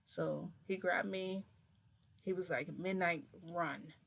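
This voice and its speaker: A woman's voice: fairly low pitch, steady tone, slow, creaky. Emotional woman vlogger telling a story. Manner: emotional, rambling retelling with many "like"s. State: close to tears. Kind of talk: casual storytelling to camera.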